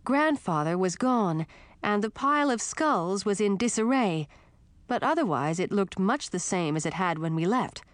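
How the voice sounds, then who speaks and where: A woman reading a first-person fantasy story with steady, expressive narration. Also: medium pitch, normal speed, dry recording. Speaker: audiobook narrator.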